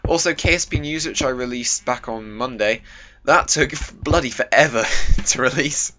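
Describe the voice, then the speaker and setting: A man's voice: mid-range voice, normal speed, bright, forceful tone, lo-fi sound, slight background noise. A young British man hosting a casual game commentary video, chatty and self-mocking, full of jokey asides. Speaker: gaming video host. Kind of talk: casual let's-play commentary.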